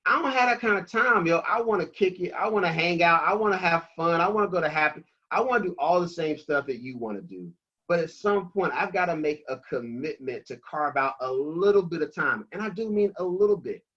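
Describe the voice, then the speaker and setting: A man talking about money on a video call, emphatic, slangy and energetic. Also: fairly high pitch, brisk. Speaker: financial coach guest. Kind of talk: animated motivational talk on a video call. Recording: dull lo-fi call audio.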